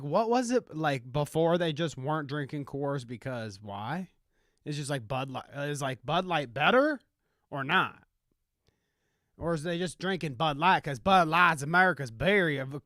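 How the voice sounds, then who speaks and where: A man doing a loud, blustering Southern redneck. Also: a little high, lively intonation, moderate pace, no echo, studio quality. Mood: indignant. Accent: put-on Southern US. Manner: drawling, swearing, indignant. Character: loud angry country redneck man, beer-drinking farmer.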